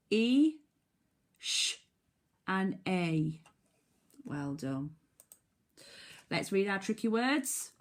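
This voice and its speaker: A woman teaches phonics to young children, speaking slowly and deliberately. She sounds out each letter carefully, counts down before each task and gives encouraging praise. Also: medium pitch, a bit bright, slight background noise.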